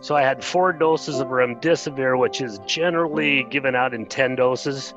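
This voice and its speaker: A middle-aged man, an interview guest, telling a personal story in an earnest, plainspoken way and pausing when moved. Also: mid-range voice, muffled recording, over music.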